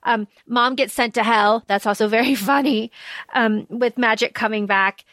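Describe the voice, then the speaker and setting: High pitched woman rambling about a book on a podcast, lots of "like", dry sound. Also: normal speed, dry recording. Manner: chatty, many fillers, animated retelling. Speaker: podcast co-host. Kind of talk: casual book discussion.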